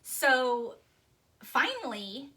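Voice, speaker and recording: Bright-voiced woman telling a rambling story. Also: high voice, very slow. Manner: animated, rambling, peppered with "like". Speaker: vlogger telling a personal ghost story. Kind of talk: casual spoken storytelling.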